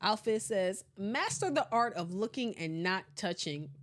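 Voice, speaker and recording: Animated playful woman podcast host. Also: medium pitch, a little slow. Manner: animated, playful, laughing often. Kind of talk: casual podcast chat reading live comments.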